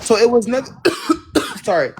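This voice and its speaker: A woman's voice: on the high side, big pitch swings, measured pace, a loud crowd. A woman hosting a casual online panel, running through the rules in firm repeated lists with scattered ums. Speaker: livestream panel host. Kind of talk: casual moderated panel chat.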